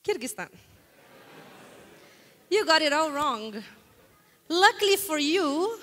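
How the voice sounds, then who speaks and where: A woman from Brazil with a Brazilian Portuguese accent, giving a lively guest lecture in a hall and putting frequent questions to the audience. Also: sits high, slow pace, pauses often. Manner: animated, questions the audience often.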